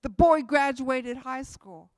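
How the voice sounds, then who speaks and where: Woman, missionary testimony, repeats herself for emphasis, higher voice, dry close sound. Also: takes it slowly, a little mellow, no echo. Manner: repetitive, emphatic storytelling. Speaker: missionary speaker. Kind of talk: church testimony talk.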